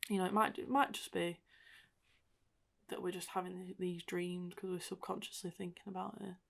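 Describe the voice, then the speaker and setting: A woman's voice: fairly low pitch, flat delivery, moderate pace, creaky. A young woman hosting a podcast, talking through her thoughts in a rambling, reflective monologue full of "like" and "sort of.". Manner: rambling and reflective, heavy use of "like" and "sort of" fillers. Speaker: podcast host.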